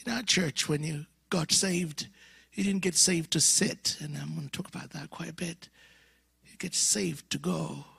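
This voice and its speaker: A man in his fifties from Africa preaches in a storytelling style. He acts out the voices in his story and sometimes drops into whispers. His voice is a little high, bright and gravelly, with a husky edge and a dry close sound. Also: steady tone, unhurried, dry recording. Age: 50s. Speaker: guest preacher. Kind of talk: storytelling sermon. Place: church conference.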